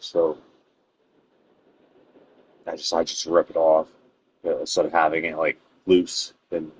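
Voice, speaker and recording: A man's voice: low voice, a little hiss or hum, rough recording. A man streaming a game and chatting casually with his viewers, rambling and swearing freely. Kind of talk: casual gameplay stream chat.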